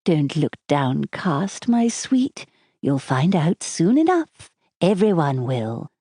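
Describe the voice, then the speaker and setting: A woman's voice: low voice, very animated, a little slow, breathy edge, no echo, studio quality, exaggerated voice. A woman voicing a cold, manipulative novelist. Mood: soothing. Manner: silky, then sharp and commanding.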